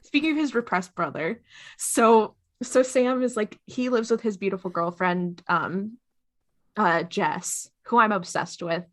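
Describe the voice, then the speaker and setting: A woman co-hosting a podcast, recapping a TV episode in casual chat, sarcastic and quick to laugh. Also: mid-range voice. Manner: chatty, sarcastic, laughs often. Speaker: podcast co-host.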